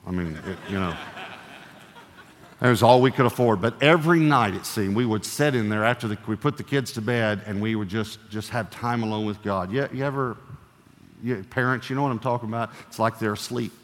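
A man's voice: fairly low pitch, fairly quick, long reverb tail, a little hiss or hum. An older man, a pastor, preaching a sermon in a conversational, storytelling way with playful humor.

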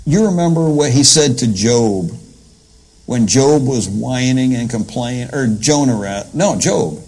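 A man gives a casual, folksy sermon with a gravelly, husky voice. He retells scripture in plain everyday words and keeps his pitch in a middle range. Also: darkish tone, poor audio. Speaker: preacher. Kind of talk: conversational sermon.

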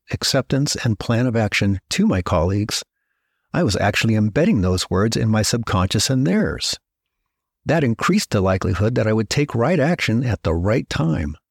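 A middle-aged man hosting a podcast, telling stories in a measured, reflective scripted narration that slows down to stress key words. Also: fairly low pitch, breathy edge, dry recording, clean studio sound. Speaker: podcast host.

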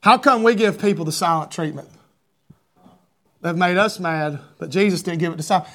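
A man's voice: high voice, normal speed. A man preaching a sermon, quoting King James scripture and building to fervent cries. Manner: animated preaching, reading scripture in King James wording, rising to shouts.

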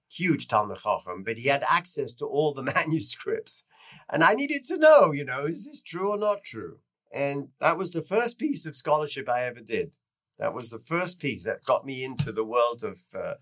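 A man teaching through a lecture that tells a story, with lively swings in pitch and loudness. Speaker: teacher of Jewish history.

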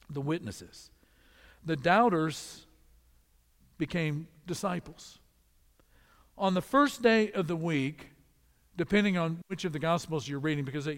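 A man preaching a sermon, moving between loud emphatic repeated calls and quiet, low storytelling. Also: big-room sound.

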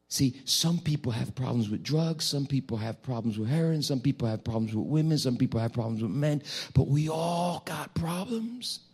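A man preaching a sermon as pastor, animated and acting out dialogue. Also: mid-range voice, moderate pace, few pauses, husky. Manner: animated, acts out dialogue in different voices.

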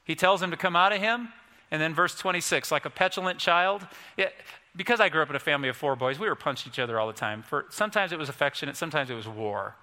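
A male pastor preaching a sermon, emphatic and storytelling, building to forceful peaks. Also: fairly high pitch, lively intonation, fast. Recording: long hall reverb.

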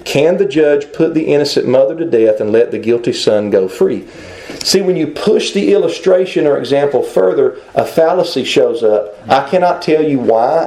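A man delivers a sermon in a mellow, relaxed voice at an ordinary pitch. He reasons aloud and keeps putting rhetorical questions to his listeners. The room around him adds a noticeable echo. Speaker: preacher.

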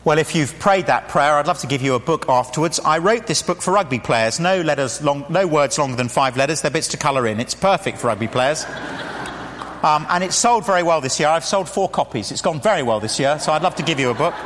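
A man preaching a sermon, earnestly pleading and slowing down gently to lead a prayer. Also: fairly high pitch, expressive, slight background noise. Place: church. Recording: church hall reverb.

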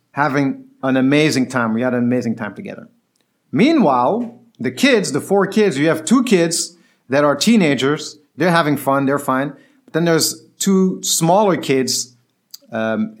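A man telling a personal story in a casual, animated way, acting out the quoted voices of the people in it. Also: a little high.

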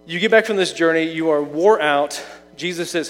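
A man delivers a sermon in an easygoing, conversational tone, often asking his listeners questions. His voice sits a little on the high side. The sound carries a long reverb, as in a large hall. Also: normal speed. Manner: conversational preaching with rhetorical questions. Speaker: pastor.

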